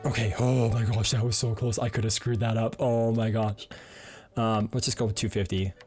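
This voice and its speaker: A man's voice: on the low side, little pitch movement, fairly quick, darkish tone, soft background music. A man streaming a video game live, talking playfully and jokingly, often stammering and repeating words. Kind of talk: live gameplay commentary.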